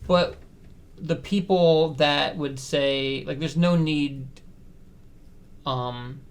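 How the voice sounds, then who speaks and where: Gravelly, hesitant male podcast co-host. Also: a little high, steady tone, very slow. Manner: careful, hedging, repeats words while thinking. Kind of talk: casual conversation.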